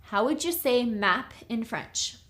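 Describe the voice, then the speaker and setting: Woman language teacher, slow careful delivery, bright tone, fairly high voice. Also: expressive. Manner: slow, clear drilling of words with frequent "okay?". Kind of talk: recorded lecture.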